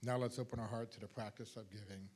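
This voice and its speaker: A man's voice: lowish voice, fairly even intonation, fast, darkish tone, slightly rough. A man leading a church service, giving friendly, plain-spoken announcements about prayer and giving. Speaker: service leader.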